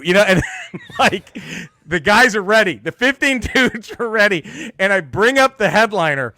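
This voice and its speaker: A man's voice: high-pitched, measured pace, no echo, studio quality. A man, a stand-up comedian, telling a story in casual podcast chat, laughing often and acting out the people in it. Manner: animated, laughing storyteller who acts out quotes.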